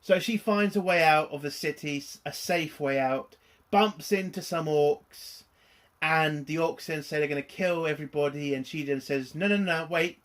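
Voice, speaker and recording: A man's voice: on the high side, steady tone, moderate pace. A man giving a casual spoken review of a TV episode, exasperated and sarcastic, swearing often.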